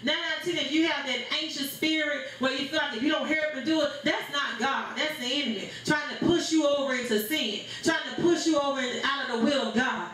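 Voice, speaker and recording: A woman pastor delivers a sermon, her voice sitting high. She preaches in rhythmic phrases that draw answers from the congregation. The sound rings with heavy echo off the church walls. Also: fairly quick, hardly any pauses, fairly bright tone. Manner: rhythmic preaching with call-and-response. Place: church sanctuary. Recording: very echoey church room.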